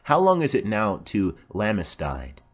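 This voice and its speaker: A man's voice: lowish voice, huge pitch swings, a little slow, full character voice. A man voicing a rambling old nurse. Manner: rambling, garrulous. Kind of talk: audiobook play reading.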